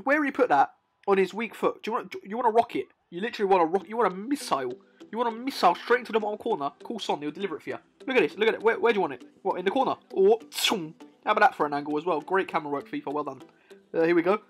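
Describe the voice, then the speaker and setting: A young man giving hyped, playful commentary over football game clips, talking straight to the viewer. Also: high-pitched. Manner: excitable, playful, talks to the viewer. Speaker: gaming YouTuber.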